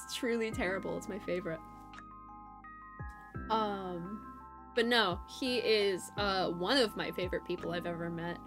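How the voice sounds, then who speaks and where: A young woman streamer chatting casually with her viewers and telling a story. She is animated and laughs often, jumping from loud bursts to mumbled asides. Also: mid-range voice, normal speed, long pauses. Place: home streaming setup. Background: faint background music.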